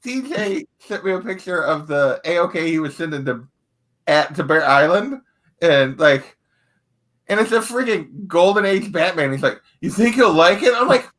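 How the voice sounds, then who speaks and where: A man who is a guest on a live stream, with a fairly high voice that swings around a lot as he talks. He is animated and quick to laugh while he chats. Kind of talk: casual live-stream chat.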